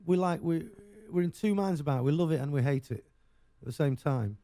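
A man's voice: fairly high pitch, fairly quick, mellow. An English man hosting a radio show, chatting casually with rambling, jokey banter.

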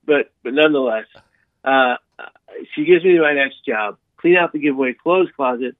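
A man telling a long personal story in an interview, animated, with frequent restarts and repeated words. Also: medium pitch, normal speed, dry recording. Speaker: guest sharing his life story. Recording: dry tinny phone-like sound.

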